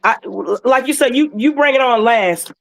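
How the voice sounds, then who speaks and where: A woman telling a client's story in a casual, animated way, with emotional moments. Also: high-pitched, normal speed, low-quality recording. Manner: animated, emotional retelling with acted quotes. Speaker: wellness patch seller sharing a client story.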